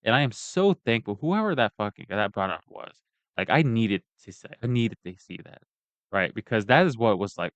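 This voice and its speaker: A man's voice: fairly low pitch, lively intonation, fairly quick, a bit bright, dry recording. A man ranting in a casual, profane and rambling way as he tells a personal story. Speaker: vlogger giving a personal account. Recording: dull lo-fi dry recording.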